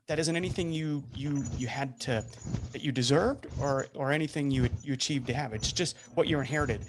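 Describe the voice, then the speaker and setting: A man hosting an interview speaks at a middle pitch and reflects aloud. He hesitates and restarts his thoughts as he frames the next question. A faint hiss sits under his voice. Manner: reflective, with frequent ums and restarts. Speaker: podcast host. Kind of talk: interview conversation.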